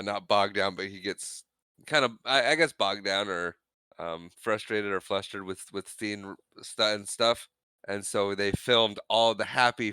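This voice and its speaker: Low smooth-voiced man recapping a movie. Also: pushed and bright, dry recording. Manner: retells scenes acting out quotes. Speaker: podcast co-host. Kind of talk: casual movie recap chat.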